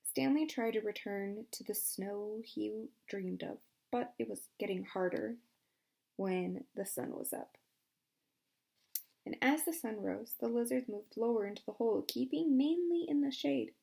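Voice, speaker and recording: A woman's voice: unhurried, vocal fry. A woman reading a novel aloud as an audiobook, giving each character a voice of her own. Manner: shifts pitch and loudness for each character. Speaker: audiobook reader. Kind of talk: storybook narration with character voices.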